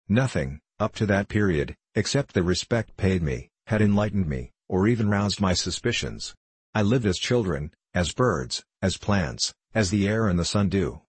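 A man reading an audiobook as a young male prisoner recounting his boyhood, in a measured, even storytelling manner. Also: low-pitched, slightly rough, no room sound.

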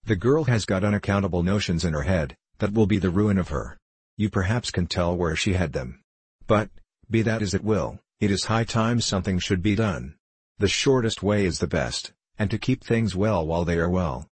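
A man's voice: sits low, lively intonation, normal speed, husky, dry recording. A man reading the part of a blustering, domineering country squire in an audiobook. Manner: domineering, scolding. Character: blustering bullying country squire, male, middle-aged.

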